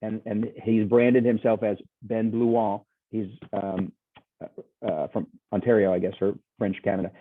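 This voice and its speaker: Low-voiced man pitching over a tinny call. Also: little pitch movement, measured pace. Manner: rambling, enthusiastic, frequent restarts. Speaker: guest speaker. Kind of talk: casual sales pitch presentation. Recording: tinny phone-like video call audio, dry.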